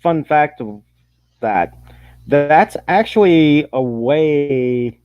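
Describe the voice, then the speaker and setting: A man with a middling voice chats casually, explaining things in loose, halting asides. His voice is dry and close, with a dull, lo-fi sound. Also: a little high, lively intonation, smooth, dry recording. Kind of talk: casual chat about movies and history.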